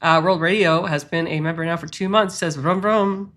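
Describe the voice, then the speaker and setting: A man's voice: a little high, steady tone, fairly quick, fairly bright tone. A man hosting a livestream panel, laughing often and reading out channel memberships. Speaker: stream host.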